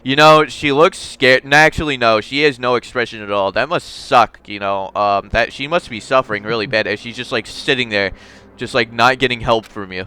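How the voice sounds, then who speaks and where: A man's voice: medium pitch, brisk, pushed and bright, clean tone. A young man playing through a game on video, reading its text aloud with jokey asides. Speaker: gamer. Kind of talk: let's play commentary and text reading.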